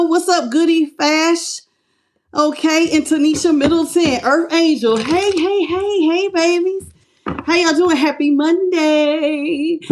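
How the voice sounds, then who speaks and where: A woman's voice: sits high, noisy background. A middle-aged woman hosting a casual live tarot stream from her phone at home, chatty and affectionate, greeting viewers by name with pet names. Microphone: phone on a stand.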